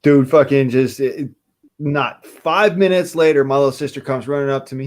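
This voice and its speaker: A man's voice: mid-range voice, moderate pace. A man from Utah in casual chat, telling a rambling childhood story and cursing freely.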